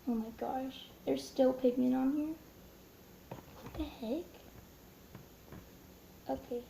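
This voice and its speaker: Young female vlogger, high and mellow, nervous chatter, roomy echo. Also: steady tone, takes it slowly, gravelly. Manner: chatty, nervous, drops into whispers. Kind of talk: casual slime-making vlog. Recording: echoey room with faint noise.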